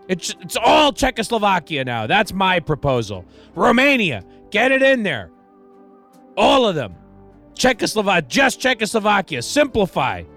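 A radio DJ man with a high, bright, sharp voice, talking into a studio mic with faint music playing underneath. He rambles wryly between song credits, tossing off deadpan asides and restarting his sentences as he goes. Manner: wry, digressive, self-deprecating, with restarts and deadpan asides. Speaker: radio DJ and host. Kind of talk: rambling casual radio DJ patter.

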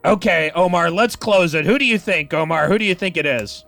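A male morning radio host running a call-in contest, talking in a brisk, playful way with quick restarts. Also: high voice, a bit bright, dry recording, soft background music.

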